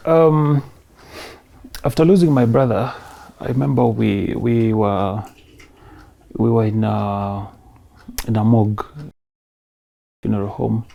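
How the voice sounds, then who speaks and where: A man in his thirties with a Kenyan accent, telling his personal story in an emotional, soft-spoken way and mixing in Swahili phrases. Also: lowish voice, fairly even intonation, slow pace, vocal fry, pauses often. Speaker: interview guest.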